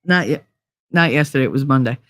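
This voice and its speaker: A woman's voice: a bass voice, quick pace, dry recording, studio quality. A woman hosting a casual livestream, chatting loosely, greeting viewers by name and swearing freely. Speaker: livestream host.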